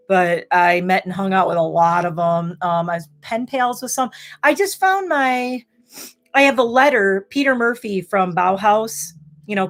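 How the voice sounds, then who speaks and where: A woman in her forties vlogging in a loose, chatty way, her voice at an ordinary middle pitch. She wanders from story to story and breaks into loud, excited exclamations. The tone is candid and unscripted. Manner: rambling, animated, exclamatory storytelling. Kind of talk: casual chat to camera.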